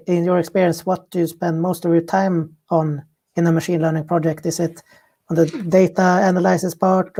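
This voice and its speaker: Flat, mellow-voiced woman co-moderating. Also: lowish voice. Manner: measured, reading questions. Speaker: panel co-moderator. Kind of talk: online panel discussion. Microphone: video call.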